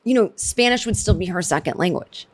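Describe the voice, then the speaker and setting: A woman's voice: on the low side, expressive, brisk. Woman, middle-aged, podcast comic host; sardonic, digressive monologue with frequent restarts. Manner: sardonic, rambling, self-interrupting. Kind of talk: solo comedic podcast monologue.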